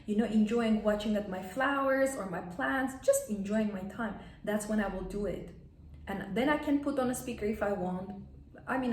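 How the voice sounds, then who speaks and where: A woman's voice: medium pitch, darkish tone, reverberant, far from the mic, slight background noise. A woman coaching etiquette in a plain instructive way, stating blunt rules and acting out examples. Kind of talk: advice vlog lesson.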